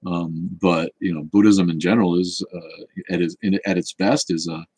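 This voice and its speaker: A man's voice: deep voice, steady tone, moderate pace, darkish tone, slightly rough, no room sound, poor audio. A man, hosting a casual livestream, talking in a snarky, rambling way full of restarts as he answers chat. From Boston area.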